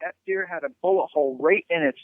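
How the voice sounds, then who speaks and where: A man telling a hunting story in an interview, animated, with many stammered restarts and a habit of asking "right?". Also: on the high side, fast, no room sound. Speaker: hunting guest. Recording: tinny phone line.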